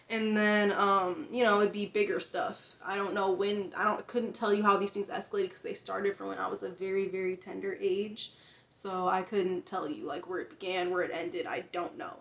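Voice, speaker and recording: A woman's voice: medium pitch, fairly bright tone, roomy sound. A woman vlogger telling a personal story in a casual, rambling way, full of fillers, restarts and frequent laughs.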